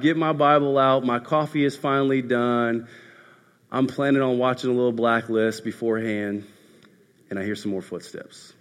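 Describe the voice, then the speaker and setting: A man preaching a sermon as a pastor, telling a story and swinging from loud passages to hushed ones. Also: medium pitch, fairly even intonation, moderate pace. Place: church hall. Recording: echoey hall.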